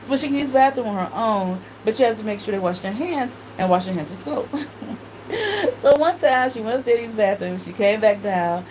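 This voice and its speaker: A woman's voice: mid-range voice, animated, a little fast. Woman in her forties, casual profane storytelling, frequent laughter, faint background noise. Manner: profane, laughs often, quotes others in voices. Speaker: tarot reader and channel host.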